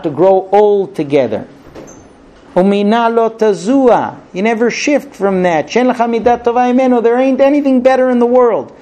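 A rabbi lecturing on marriage, acting out bickering spouses and quoting Hebrew phrases before translating them. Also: male voice, high voice. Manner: animated, acts out squabbling spouses in quoted dialogue. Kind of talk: spoken lecture.

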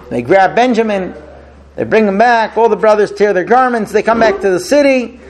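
A man casually retelling a scripture story as a teacher, animated, with fillers. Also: high voice, a little fast, slight background noise.

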